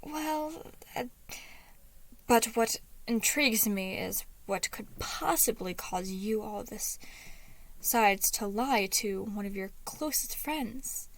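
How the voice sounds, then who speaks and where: Woman playing a sly deceitful man, half-whispered and slow, smug. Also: mid-range voice, no echo. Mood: sly, hushed.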